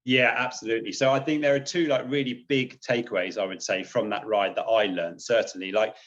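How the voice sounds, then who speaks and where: A man's voice: on the low side, fairly even intonation, fairly quick, a bit bright, muffled recording. A British man, a naval officer, chatting casually and upbeat in an interview, laughing often. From Britain. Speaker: guest, naval officer and charity cyclist.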